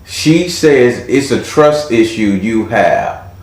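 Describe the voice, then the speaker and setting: A man's voice: medium pitch, animated, slow pace, a little mellow, reverberant. A man hosting a live tarot reading with a caller, talking in a playful, teasing way with casual slang. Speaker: tarot reader and host.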